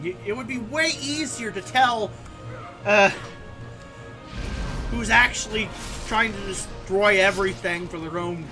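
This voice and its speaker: A man streaming a game and chatting casually in a sarcastic, rambling way. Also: high-pitched. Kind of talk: casual gaming commentary.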